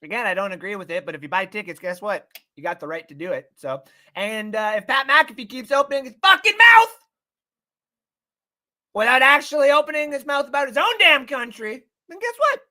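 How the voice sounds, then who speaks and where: Animated, profane male sports streamer. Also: extremely high pitch, fairly quick. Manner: profane, excitable, rambling; reads out and thanks chat viewers. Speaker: sports show host. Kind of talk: casual live-stream sports talk.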